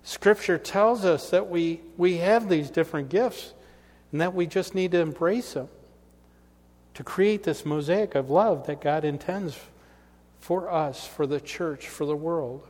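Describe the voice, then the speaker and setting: A man's voice: fairly high pitch, measured pace, a little mellow. A middle-aged male pastor delivering a sermon with storytelling and emphatic rises, in a church sanctuary. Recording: long reverb of a church hall.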